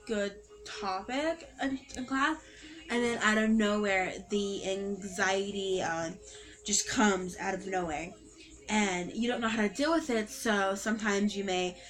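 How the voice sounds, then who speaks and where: A woman's voice: medium pitch, fairly bright tone, low-quality recording. Rambling teenage girl telling a story. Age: teens. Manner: rambling, with many fillers and self-corrections. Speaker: vlogger. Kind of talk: casual personal storytelling.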